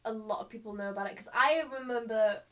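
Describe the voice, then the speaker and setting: A fairly high-voiced young woman talking fast in a casual podcast chat. She sits a bit away from the mic, so she sounds slightly distant. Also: fairly bright tone. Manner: quick, fills in with "mm". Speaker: podcast co-host.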